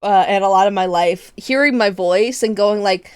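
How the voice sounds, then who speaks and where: A young adult woman streamer chatting casually with her viewers, expressive and laughing often, with casual swearing. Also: mid-range voice, normal speed, smooth, no room sound, studio quality.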